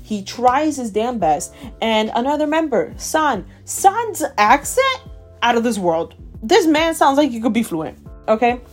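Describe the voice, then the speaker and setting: A woman's voice: fairly high pitch, lively intonation, moderate pace, soft background music. A woman with a Southern American accent hosting a solo podcast, ranting emphatically and repeating herself for emphasis. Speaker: podcast host.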